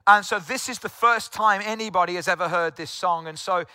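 A man's voice: high voice, fairly quick, sharp tone, clean tone, dry recording. A middle-aged man from South Wales, a pastor preaching earnestly to an online congregation, speaking directly to listeners and repeating phrases for emphasis.

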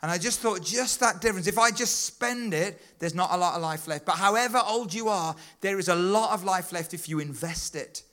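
A man's voice: high voice, a little fast, few pauses, a bit bright. A middle-aged male preacher delivering a sermon, emphatic and rhythmic, repeating key phrases.

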